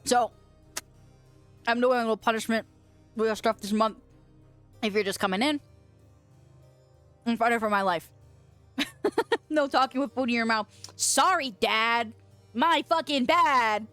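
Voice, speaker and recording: A woman's voice: a little high, unhurried, pauses often, a bit bright, no echo. Giggly young woman streamer, faint music. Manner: giggly, reads chat messages aloud and sings filler. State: eating peanut butter. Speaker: streamer reading chat. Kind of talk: casual chat.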